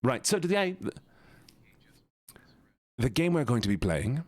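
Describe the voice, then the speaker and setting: Male streamer, playful and chatty, very lively pitch, dry close mic. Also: measured pace, no echo. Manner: playful, animated, chatty with viewers. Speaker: live streamer. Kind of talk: casual live-stream chat.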